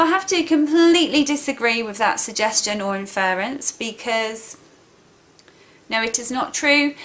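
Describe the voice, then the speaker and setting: A woman's voice: mid-range voice, fairly bright tone. Emphatic Southern English woman teaching. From England. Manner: emphatic, repeats points, frequent okay checks. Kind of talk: casual video lesson.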